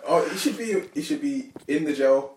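A man's voice: fairly high pitch, lively intonation, normal speed. Young man, echoey and noisy. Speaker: podcast co-host. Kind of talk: casual chat. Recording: echoey room with noise.

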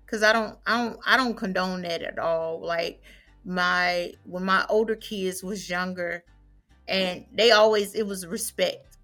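A woman's voice: mid-range voice, fairly bright tone. A woman speaking as a podcast guest, firm and outspoken in casual conversation.

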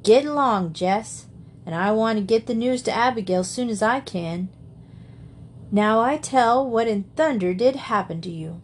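A woman voicing an excited elderly farmer uncle who talks bluntly in a country way. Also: a little high, unhurried, slight background noise, lightly acted. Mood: relieved.

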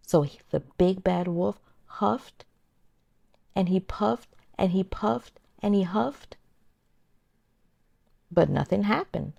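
Gravelly-voiced woman reading to toddlers. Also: medium pitch, takes it slowly, long pauses, warm tone, no room sound, highs cut off. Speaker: children's circle time host. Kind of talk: storybook read-aloud for toddlers.

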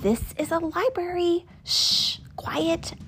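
Prim, bold storybook librarian, firm and proper, bright high voice, as a woman reading aloud puts her on. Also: lively intonation, takes it slowly, heavily acted.

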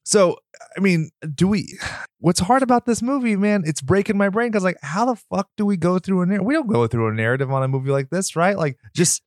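A man co-hosting a casual movie review chat, swearing freely and joking in animated asides. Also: high-pitched, fairly quick, no room sound, studio quality. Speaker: podcast co-host.

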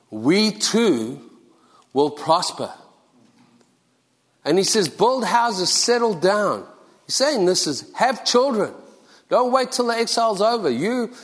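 A man's voice: high voice, big-room sound. A man preaching a sermon as pastor, earnest and exhorting, repeating key phrases for emphasis. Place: church sanctuary.

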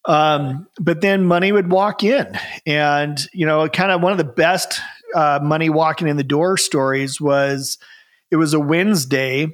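A man's voice: on the high side, measured pace. A man telling the story of his business in a casual interview, rambling with lots of fillers and restarts.

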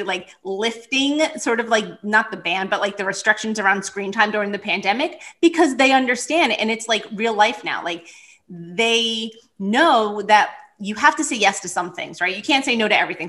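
A woman guest speaks in a casual conversation, offering reassuring, encouraging advice. Her voice is bright and a touch high, with an edge of tension. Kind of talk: casual podcast chat.

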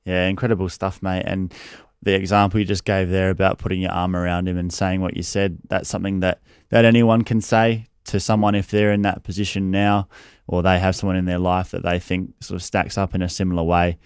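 A man hosting an interview, speaking in a measured, affirming way. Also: sits low, monotone, smooth, dry recording, studio quality. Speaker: interview host. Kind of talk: conversational interview.

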